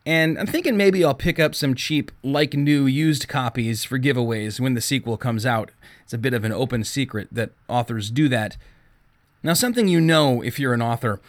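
A man's voice: mid-range voice, moderate pace. A male author hosting his own podcast. He tells his story in a wry, self-deprecating monologue. His voice sits in a plain middle register.

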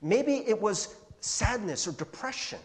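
A man in his forties preaching a sermon as a youth pastor, in a casual, animated way with slang and stammered restarts. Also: high-pitched, unhurried. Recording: long hall reverb.

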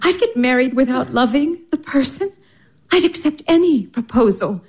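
A gentle, husky elder sister. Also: female voice, sits high, animated, moderate pace. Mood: advising. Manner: soothing, tender, softly persuasive. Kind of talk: stage drama acting.

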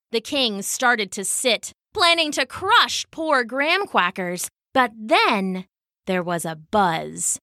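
A woman reading a children's story aloud, taking her time with each line. Her pitch swings lively and expressive, and her tone is bright and clear. The recording is dry and close. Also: slow, no room sound.

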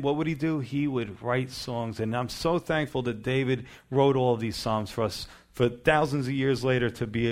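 A male pastor preaching a sermon, building to emphatic bursts and then dropping to quieter asides. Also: medium pitch.

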